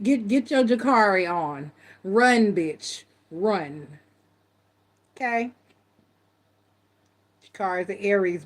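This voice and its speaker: A middle-aged woman hosting a live tarot stream, chatting casually and telling stories in a blunt, animated way. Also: fairly high pitch. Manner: animated storytelling, blunt and laughing. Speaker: tarot reader host.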